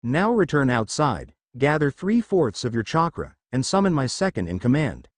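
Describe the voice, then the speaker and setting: A man voicing an ancient, bossy male kaiju king in a fan story reading, with a teasing manner and lively pitch. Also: normal speed, no echo, studio quality, natural voice.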